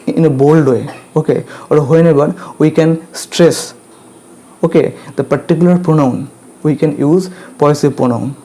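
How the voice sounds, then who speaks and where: A man with an Indian English accent giving a grammar lecture in an unhurried, deliberate way. His voice is fairly high but mellow and soft-edged. He repeats key words and keeps checking that the class follows. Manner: slow and repetitive, checks in with "okay" and "clear?".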